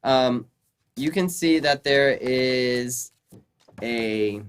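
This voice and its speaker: A man's voice: mid-range voice, very slow, clear, resonant tone. A young man narrating as dungeon master, rambling through descriptions full of ums and uhs. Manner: rambling, filler-heavy descriptions. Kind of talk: narrating a tabletop game.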